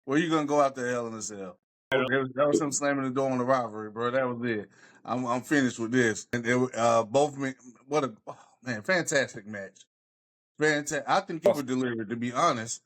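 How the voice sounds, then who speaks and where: Man raving about a match, mid-pitch. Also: fairly quick, a bit bright. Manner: enthusiastic, repeats phrases, slangy. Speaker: podcast co-host. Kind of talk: casual wrestling chat.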